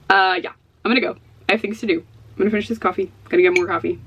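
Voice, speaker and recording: A woman's voice: mid-range voice, lo-fi sound. Rambling, stressed woman vlogging. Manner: rambling, self-deprecating, laughs between phrases. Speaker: book vlogger. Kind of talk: casual vlog chat. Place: her home office.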